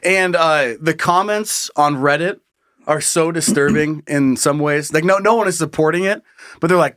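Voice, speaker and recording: A man's voice: a little high, normal speed, fairly bright tone, dry recording, clean studio sound. A man co-hosting a casual comedy podcast, crude and swearing freely with mock exasperation. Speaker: podcast co-host.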